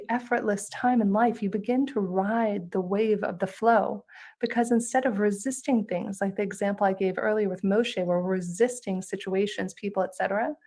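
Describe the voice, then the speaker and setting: A woman giving a spiritual talk at a conference, telling stories in a gently instructive way. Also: medium pitch. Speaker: conference speaker and author.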